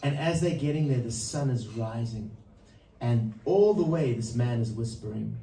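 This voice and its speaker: A man's voice: medium pitch, expressive, moderate pace, gravelly, dark tone, slight background noise. A man telling a story between songs at a live performance, speaking loosely and chuckling often. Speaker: musician introducing a song. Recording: roomy live sound from a distance.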